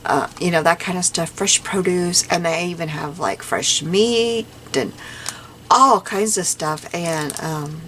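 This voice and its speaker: A woman's voice: fairly low pitch, a little slow, fairly bright tone, slight background noise. A woman crafting vlogger chatting casually while she works, giddy and talkative, laughing often and using lots of fillers.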